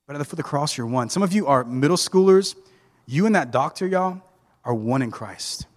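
A man preaching a sermon as a pastor, animated and joking, with many restarts. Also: a little high, brisk, long reverb tail. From Southern United States. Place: church sanctuary.

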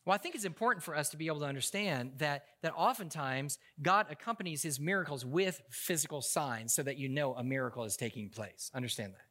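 A male pastor delivers a sermon with a high-pitched voice and a bright, forceful tone. His talk is conversational and full of jokes, and he often stumbles and restarts mid-sentence as he tells stories. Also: a little fast, few pauses. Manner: humorous, conversational storytelling with frequent restarts.

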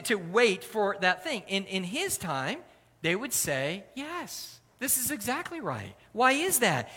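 A man preaching a sermon in a relaxed, conversational way, with lively emphasis. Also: high-pitched. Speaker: pastor. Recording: long hall reverb.

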